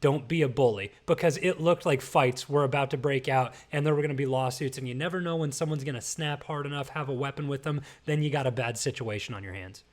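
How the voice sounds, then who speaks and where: A man's voice: medium pitch, fast talker, hardly any pauses. Emphatic man lecturing on a podcast. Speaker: podcast host. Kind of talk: casual commentary rant.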